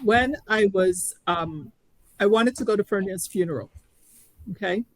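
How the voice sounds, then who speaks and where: On a candid interview show, a middle-aged female guest shares her story at a moderate pace in a mid-range voice, recorded with poor audio. She speaks earnestly and thoughtfully, frequently starting her sentences over.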